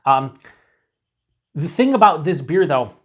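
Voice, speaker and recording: A man's voice: a little high, big pitch swings, slow pace, a bit bright. A man reviewing a beer on his own in a casual, rambling way, full of fillers and restarts, cheerful and swearing now and then.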